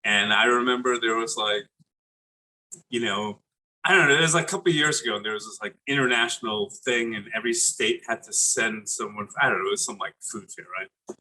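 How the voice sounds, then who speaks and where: A man in his late forties from Brooklyn, a chef telling animated stories as an interview guest, laughing and acting out other people's voices with many restarts. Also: fairly low pitch, brisk, slight background noise, rough recording. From Brooklyn, New York. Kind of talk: casual interview storytelling.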